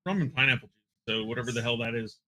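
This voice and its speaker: A man's voice: mid-range voice, quick pace, sharp tone. A man appearing as a guest on a live podcast, easygoing and playful. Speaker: podcast guest, hockey goalie. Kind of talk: casual live podcast banter.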